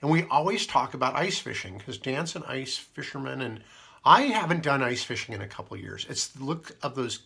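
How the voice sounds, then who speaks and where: Rambly guy hosting a radio show, gravelly voice with a bright edge, lots of ums. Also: mid-range voice, lively intonation, normal speed. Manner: meandering, full of fillers and asides. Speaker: radio host. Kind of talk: rambling casual radio chat.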